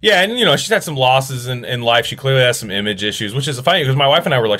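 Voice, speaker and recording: A man's voice: mid-range voice, expressive, fast talker, hardly any pauses, bright, forceful tone. A man guesting on a podcast, chatting casually in an easygoing, agreeable, somewhat hesitant way. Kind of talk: casual chat.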